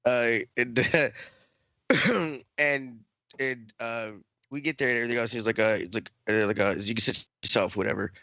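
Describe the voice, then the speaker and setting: A man's voice: medium pitch, measured pace, bright, forceful tone, smooth, no echo. A man co-hosting a podcast, telling a story in casual chat with many restarts, repeats and swearing. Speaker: podcast co-host.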